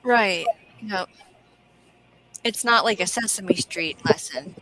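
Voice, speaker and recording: A woman's voice: mid-range voice, takes it slowly, a bit bright, poor audio. A woman chatting casually and agreeably on a livestream. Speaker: livestream co-host. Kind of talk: casual chat.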